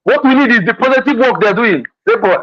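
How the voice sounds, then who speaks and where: A man's voice: sits high, lively intonation, normal speed, fairly bright tone, muffled recording. A man with a Nigerian accent, a guest in casual chat who talks emphatically and repeats himself.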